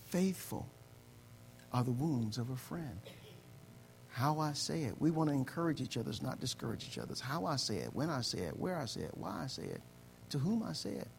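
A pastor preaching a sermon, repeating phrases and building from quiet storytelling to loud exhortation. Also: male voice, a little high, creaky, a little hiss or hum.

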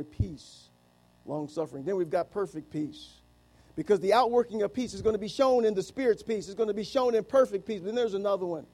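High-voiced preacher man, emphatic. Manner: emphatic, breaks into voicing doubters, rising to shouts on key words. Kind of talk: sermon.

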